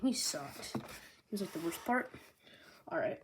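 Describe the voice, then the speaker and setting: A woman's voice: lowish voice, expressive, measured pace. Bubbly young woman vlogger, noisy recording. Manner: bubbly, filler-heavy, jokey asides. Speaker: manga review vlogger. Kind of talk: casual chat.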